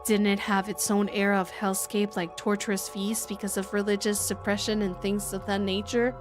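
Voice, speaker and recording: Woman reading calm researcher lady, measured and lecture-y, visual novel readalong. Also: medium pitch, music in the background, lightly acted. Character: composed adult woman researcher, calm and knowing.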